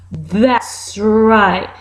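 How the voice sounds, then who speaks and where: A woman's voice: mid-range voice, very slow. A woman teacher reading a children's storybook aloud and asking the young listeners questions, whose first language is Haitian Creole. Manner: animated, asks the children questions.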